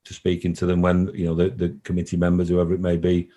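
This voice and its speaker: Earnest deep-voiced club chief. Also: male voice, completely flat delivery, fast, dark tone. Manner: earnest, repeats himself, emotional at times. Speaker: football club chief executive. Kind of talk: interview answers. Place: call recording.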